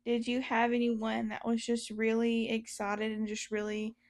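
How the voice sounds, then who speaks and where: A woman's voice: a little high, completely flat delivery, measured pace. A woman hosting a podcast interview, guiding the guest with questions and recapping what was said. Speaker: podcast host.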